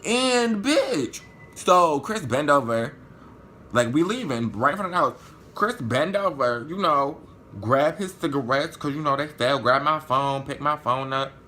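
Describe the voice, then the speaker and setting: Guy doing a storytime vlog, bright voice, super animated, cussing a lot. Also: on the high side, a little slow, a little hiss or hum. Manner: animated, profane storytelling, acting out quotes. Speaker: vlogger.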